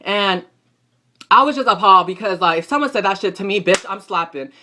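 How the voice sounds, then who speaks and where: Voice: medium pitch, animated, brisk, bright, forceful tone. A young adult recapping a soap opera episode in a casual vlog, talking in a gossipy, slangy and profane way. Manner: gossipy, profane and slangy, talks back at the characters.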